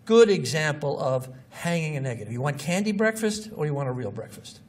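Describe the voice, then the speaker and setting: A man's voice: on the high side, sing-song, a little fast, darkish tone. A man giving an informal lecture, walking through examples with blunt, scoffing asides. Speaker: marketing lecturer. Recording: distant mic with faint noise.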